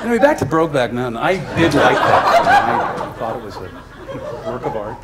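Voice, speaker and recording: A man doing stand-up comedy for a live audience, chatty and animated, often laughing at his own jokes. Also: mid-range voice, moderate pace, over a noisy crowd. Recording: echoey room, audience laughter, noise.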